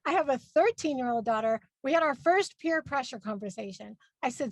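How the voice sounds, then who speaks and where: A woman in her forties doing a stand-up comedy set, with a brash, punchy delivery and loud put-on voices for her parents. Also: high voice, lively intonation, a little fast, few pauses, no room sound. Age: 40s.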